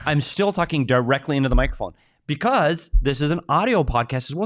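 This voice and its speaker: A man's voice: a little high, expressive, fairly quick. A middle-aged man co-hosting a sports podcast, talking in a casual, teasing way with exaggerated emphasis. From United States. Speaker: podcast co-host.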